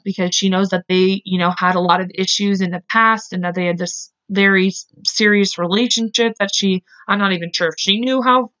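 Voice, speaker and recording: A woman's voice: medium pitch, steady tone, fairly quick, few pauses, a bit bright, clean tone. A woman hosting a podcast, casually retelling a true-crime case, full of "like" fillers and swearing when angry. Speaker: podcast host. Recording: dull lo-fi recording.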